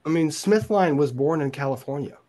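A man's voice: on the high side, lively intonation, a little fast, darkish tone. Skeptical man questioning on a stream. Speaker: livestream guest. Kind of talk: casual livestream chat.

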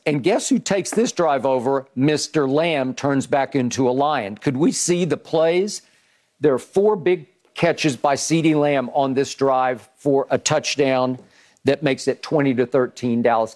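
Male sports talk host, slightly high voice, emphatic, stammering repetitions. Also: unhurried, a little mellow. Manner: emphatic, repeats words at starts, rhetorical questions. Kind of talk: animated football analysis chat.

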